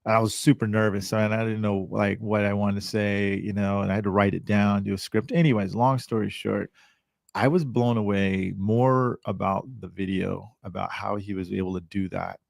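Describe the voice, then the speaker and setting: A man guest on a podcast, telling stories in a casual, animated way and acting out the people he quotes. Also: normal speed, gravelly, no room sound, clean studio sound. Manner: animated, acts out quoted voices with big pitch jumps. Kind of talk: casual storytelling.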